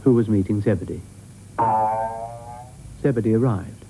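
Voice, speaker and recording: A man's voice: fairly low pitch, lively intonation, moderate pace, warm tone, slightly rough, poor audio. A British man narrating a children's cartoon in a wry, amused storybook manner.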